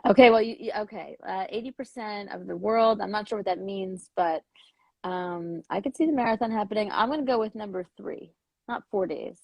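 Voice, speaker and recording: A woman educator with a slightly rough morning voice, speaking hesitantly with fillers and listing points slowly in a casual interview. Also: medium pitch, no room sound, dull audio. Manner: hesitant with many fillers, slow deliberate listing. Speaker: educator and author, guest. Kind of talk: casual video-call interview.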